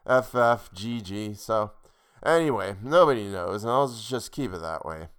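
A man's voice: lowish voice, expressive, measured pace, a bit bright, clean tone. A man voicing a crude, tipsy aging actress in a storybook reading, talking with a coarse, slurring drunk manner. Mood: boozy, blunt. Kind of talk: audiobook character voice.

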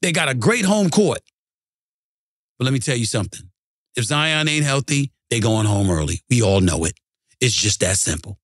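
A man's voice: expressive, moderate pace, no echo, clean studio sound. Fired-up man ranting about sports. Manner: heated, swings from low grumbling to high shouting. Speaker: sports commentary host. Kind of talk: animated sports rant.

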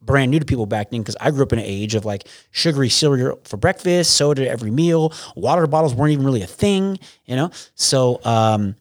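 A man in his forties talks through his story as an interview guest, rambling and restarting his sentences, with the odd curse word. His voice sits at an ordinary pitch, and the sound is dry and close with no room around it. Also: animated, a little fast, few pauses, no echo. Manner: rambling, with frequent restarts and profanity. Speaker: podcast guest. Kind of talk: casual conversational interview.

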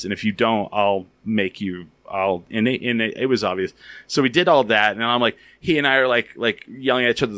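A man hosting a podcast, telling stories in a casual, animated, rambling way with a lot of filler words. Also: fairly low pitch, dry recording. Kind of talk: casual storytelling and interviewing.

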